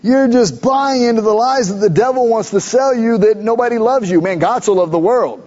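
A male pastor preaching a sermon in a conversational, animated storytelling way, with rhetorical questions. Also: very high voice, moderate pace. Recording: dull lo-fi recording.

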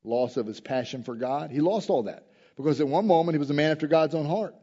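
A man delivers a sermon in a fairly high, mellow voice, dropping into quiet reflection and then climbing to loud, emphatic points. He asks his listeners questions directly. The recording is slightly dull and lo-fi. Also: fast. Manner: swings between quiet reflective passages and loud emphatic rises. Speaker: preacher.

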